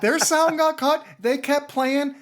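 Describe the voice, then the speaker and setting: A man's voice: very high voice, fairly even intonation, slow pace, a bit bright. A man co-hosting a podcast in casual chat, hyped and jokey, swearing freely. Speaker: podcast co-host.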